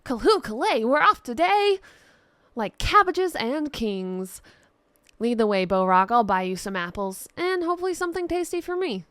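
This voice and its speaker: A woman's voice: a little high, big pitch swings, normal speed, a bit bright, smooth, no echo, studio quality. A woman voicing a theatrical male jester and priest who talks in playful, rambling banter. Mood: cheery.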